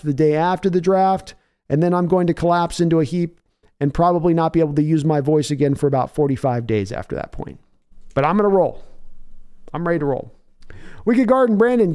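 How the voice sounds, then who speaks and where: A man's voice: a little high, warm tone, clear, resonant tone. A man hosting a casual livestream, rambling, chatty and self-deprecating as he answers chat. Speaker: livestream host.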